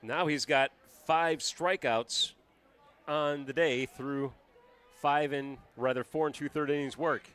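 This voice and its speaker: A man giving baseball color commentary on radio, measured and full of stats. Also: on the high side, steady tone, fairly bright tone, clean tone. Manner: measured, stat-heavy analysis.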